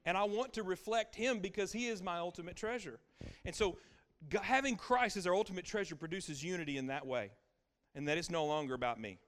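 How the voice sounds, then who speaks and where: A man's voice: high voice, fairly quick. Emphatic middle-aged male preacher. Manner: swings from hushed intimate lines to loud exclaiming peaks; repetitive, emphatic preaching cadence. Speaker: pastor. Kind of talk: sermon.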